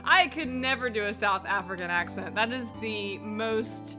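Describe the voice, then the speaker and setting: A woman's voice: mid-range voice, moderate pace, music in the background. A woman streaming a game, chatting casually with rambling, giggly asides.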